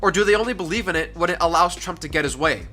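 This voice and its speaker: Brief: an exasperated speaker with a bright, sharp voice. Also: medium pitch, fast talker, soft background music. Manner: exasperated, rhetorical questions.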